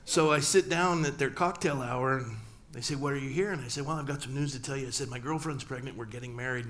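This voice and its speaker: A man's voice: medium pitch, fast talker, fairly bright tone. A middle-aged man, a pastor, telling a personal story in a sermon and acting out family dialogue with humor. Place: church sanctuary.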